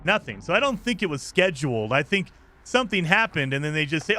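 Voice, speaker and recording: A man's voice: fairly high pitch, sing-song, fairly quick, sharp tone. A man streaming a game, chatting casually and rambling through a rant while reading his chat. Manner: rambling, ranting, reads chat aloud.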